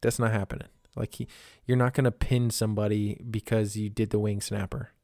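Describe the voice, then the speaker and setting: A man's voice: on the low side, flat delivery, fairly quick, vocal fry, mellow, no room sound, clean studio sound. A man hosting a wrestling podcast alone, talking casually in a blunt, rambling way with lots of fillers and frequent swearing. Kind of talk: casual solo recap.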